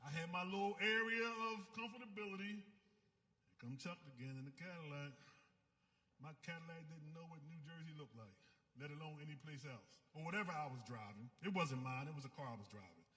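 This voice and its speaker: High-voiced guy preaching his recovery story, fervent, hall echo all around. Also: a little fast, bright, forceful tone. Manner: fervent, preacher-like, rising and falling delivery. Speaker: recovery fellowship speaker.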